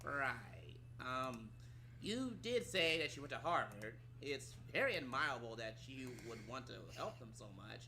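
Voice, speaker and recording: A man's voice: mid-range voice, sing-song, measured pace, pushed and bright, exaggerated voice. Casting: man as an awkward coworker who stammers, recorded with noticeable room noise. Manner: stammering, hesitant. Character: awkward, hesitant male office coworker. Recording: noisy room ambience.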